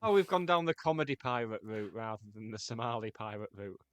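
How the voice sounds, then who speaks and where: A man on a comedy podcast, firing back wry, dry comebacks. His pitch moves up and down a lot as he talks. The recording is dry and close-miked. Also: animated, a little fast, smooth, no echo. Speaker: podcast co-host. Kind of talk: casual comedic chat.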